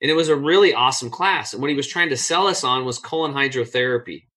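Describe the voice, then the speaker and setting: A man with a bright, forceful tone, a podcast guest spinning a lively personal story. He talks casually and bluntly, swears now and then, and jumps up in pitch to act out what other people said. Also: fast. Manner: acts out others' lines in a raised voice. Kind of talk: animated storytelling in a conversation.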